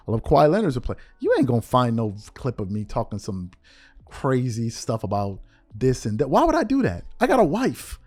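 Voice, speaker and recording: A man delivers opinionated sports commentary as a show host, his somewhat high voice swinging widely in pitch. He talks in a slangy, conversational way and hammers home his points with repeated rhetorical questions. Faint music plays underneath.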